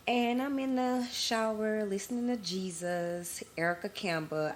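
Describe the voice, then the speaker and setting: A woman's voice: fairly low pitch, moderate pace, slight background noise. A woman hosting her own podcast, telling her story candidly in casual chat to her listeners. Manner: candid, conversational, addresses listeners as y'all. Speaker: podcast host.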